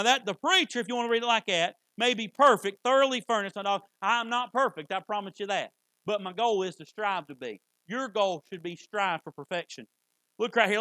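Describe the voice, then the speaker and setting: A man with a high, bright, sharp voice preaches with a twang, fervent and emphatic. He hammers key phrases again and again. The sound is dry and close, with little room echo. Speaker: pastor. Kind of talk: sermon.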